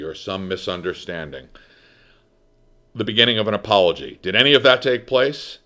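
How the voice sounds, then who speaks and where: A man from the United States hosting a talk show, telling a story in a theatrical, emphatic monologue that swings between loud and soft. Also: fairly low pitch, lively intonation, normal speed. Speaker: talk radio host.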